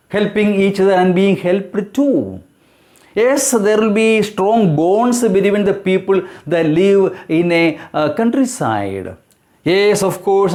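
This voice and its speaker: A man with a noticeably high voice talks through an exam-prep lesson as an English teacher. He explains deliberately and often stops with fillers and self-corrections as he looks for words. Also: darkish tone.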